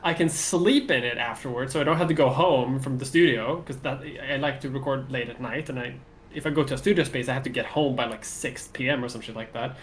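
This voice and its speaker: A woman's voice: a bass voice, brisk, a little hiss or hum. A woman YouTuber co-hosting a casual chat, tired and yawning, chatty and swearing freely. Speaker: YouTuber and co-host.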